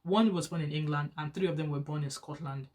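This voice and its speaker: A woman in her thirties from Nigeria with a Nigerian accent, chatting casually to camera as a vlogger, animated and rising higher when excited. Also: brisk.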